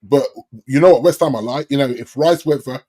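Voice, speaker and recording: A man co-hosting a football podcast, jokey and agreeable, chiming in with quick yeahs. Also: medium pitch, dark tone. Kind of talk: casual football chat.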